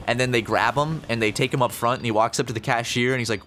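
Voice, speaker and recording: A man's voice: medium pitch, rapid-fire, few pauses, a bit bright, slight background noise. A young man chatting on a podcast, telling a rambling story with lots of fillers and swearing. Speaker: podcast co-host. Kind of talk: casual storytelling chat.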